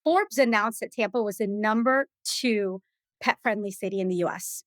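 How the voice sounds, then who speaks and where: Chatty, animated woman guest. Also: medium pitch, moderate pace, no room sound. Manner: animated, acts out other people's lines; chatty, full of "you know" and "like". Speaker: podcast guest. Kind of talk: casual storytelling in an interview.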